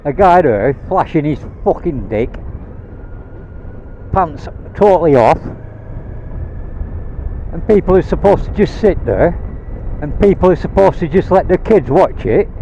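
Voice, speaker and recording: A man's voice: fairly high pitch, lively intonation, unhurried, vocal fry, long pauses, dark tone, highs cut off, a little hiss or hum. Heated, swearing man on a motorbike. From Rhodesia (now Zimbabwe). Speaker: vlogger. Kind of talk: angry rant while riding. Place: on a motorbike outdoors.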